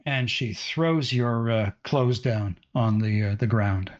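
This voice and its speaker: Slow-talking game master, man. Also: lowish voice. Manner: hesitant, many fillers. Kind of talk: narrating a tabletop game. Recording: dull lo-fi audio.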